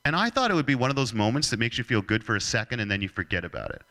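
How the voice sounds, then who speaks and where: A man giving a motivational talk to an audience, telling a humorous personal story in a lively, joking storyteller's manner. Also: mid-range voice, racing. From Canada. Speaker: keynote speaker.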